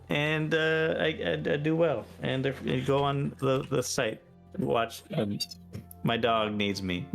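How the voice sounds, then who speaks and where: A man speaking as a podcast guest in casual chat, halting with many fillers. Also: mid-range voice, vocal fry. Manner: halting, many uhs, chuckling.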